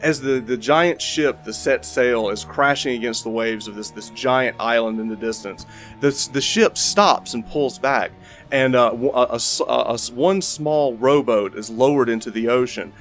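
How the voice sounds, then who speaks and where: A man's voice: mid-range voice, normal speed, a bit bright, soft background music. A man narrating as game master of a tabletop game, rambling with frequent restarts.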